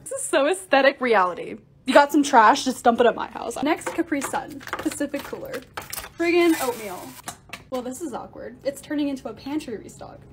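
A woman narrating her short DIY and restock videos in a bubbly, excitable, self-mocking way. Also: high voice, a little fast, a little hiss or hum. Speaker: lifestyle creator.

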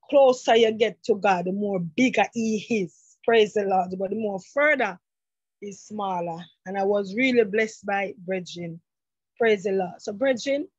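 A woman's voice: medium pitch, darkish tone, breathy edge, dry recording, muffled recording. A middle-aged woman exhorting a congregation, fervent and fond of repeating "praise the Lord" and "brethren.". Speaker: church member giving a testimony. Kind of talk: church exhortation. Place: church sanctuary.

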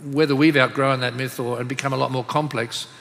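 A man's voice: mid-range voice, fairly even intonation, a little fast, creaky, fairly bright tone. An Australian man moderating a panel discussion, easygoing and fond of telling anecdotes. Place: conference hall. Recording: reverberant hall with faint room noise.

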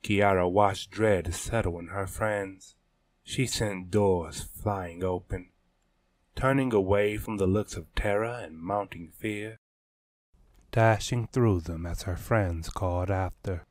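A man narrating a story in a measured, deliberate reading style. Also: low voice, no echo. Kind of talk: scripted audiobook narration.

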